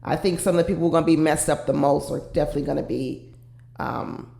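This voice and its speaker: A woman's voice: sits low, fairly even intonation, fast talker, creaky, mellow, reverberant. A woman commenting casually and with firm opinions on a reality show, talking straight to her viewers.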